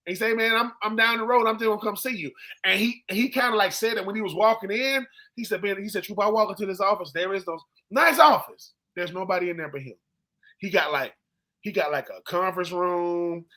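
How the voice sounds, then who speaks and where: A man with a high, bright voice spins a casual story on a sports podcast. He slips into the voices of the people he quotes. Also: brisk. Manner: animated storyteller who acts out quoted people. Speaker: co-host, former football player.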